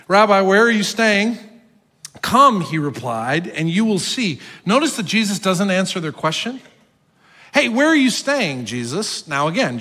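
A high-voiced man with a New Jersey accent preaches in a long-echoing hall. His pitch leaps and dips as he tells the story. He acts out quotes with a lively, playful delivery. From North Jersey. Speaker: pastor. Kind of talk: sermon.

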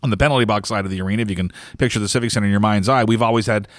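A man's voice: fairly low pitch, rapid-fire, no echo, clean studio sound. A man hosting a casual sports podcast, telling rambling stories full of fillers and chuckles. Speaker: podcast host.

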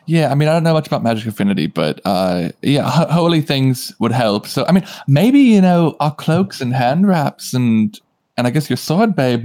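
A man playing in a tabletop role-playing game, talking quickly and getting excitable. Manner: quick, excitable, rising pitch when flustered. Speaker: player. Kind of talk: tabletop role-play chat.

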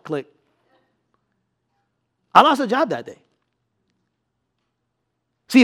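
High-voiced preacher telling a story. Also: male voice. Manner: storytelling, animated, repeats key lines for emphasis. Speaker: pastor. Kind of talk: sermon with personal story.

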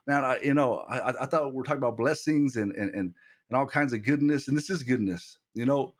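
A man in his thirties preaching casually on a livestream through a headset mic, animated and quick to repeat himself and laugh. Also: mid-range voice. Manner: animated, repeats words and restarts, laughs often. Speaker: streamer preacher.

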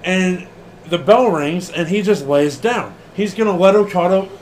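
A man co-hosting a casual wrestling podcast, animated and laughing often, swearing freely and acting out what people said. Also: high-pitched, a little slow. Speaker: podcast co-host.

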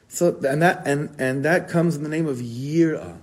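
A man giving an informal, animated Torah class, telling stories and mixing in Hebrew and Yiddish words. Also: on the high side, fairly quick, few pauses, poor audio. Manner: animated storytelling, code-switching with Hebrew and Yiddish terms.

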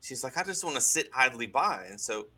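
A man telling a story in casual conversation, animated, with many restarts and asides. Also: medium pitch, brisk, slightly rough. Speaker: guest recounting a deliverance.

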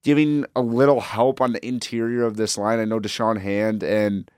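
A man's voice: fairly low pitch, little pitch movement, moderate pace, darkish tone, clean tone, dry recording, clean studio sound. A young man co-hosting a casual sports talk show who rambles, repeats words and keeps saying "like". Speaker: co-host.

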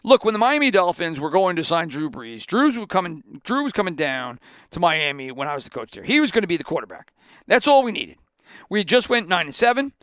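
A man doing a deliberately poor impression of a defensive older male football coach who blames others in a blunt, self-justifying way. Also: sits high, big pitch swings, fairly bright tone, no room sound, clean studio sound. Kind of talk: mock impression read aloud.

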